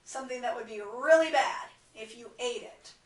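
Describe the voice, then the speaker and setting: A woman teaching a kindergarten lesson, talking slowly and clearly to small children as she reads a story aloud in a classroom. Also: on the high side. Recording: echoey classroom, far from the camera mic.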